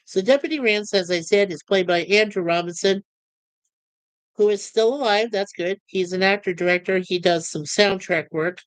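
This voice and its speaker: A woman's voice: medium pitch, moderate pace, dry recording. A woman giving a casual, rambling spoken review of TV episodes, with chatty asides.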